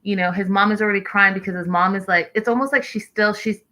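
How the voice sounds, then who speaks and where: A woman's voice: medium pitch, fast, pushed and bright, low-quality recording. A woman host talking casually through a reality show recap, reading out live chat messages as she goes.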